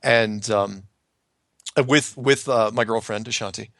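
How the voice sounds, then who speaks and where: A middle-aged man casually telling a story from his past, animated and acting out other people's lines. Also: on the low side, slow, creaky, no room sound. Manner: animated, acts out quoted voices, laughs often.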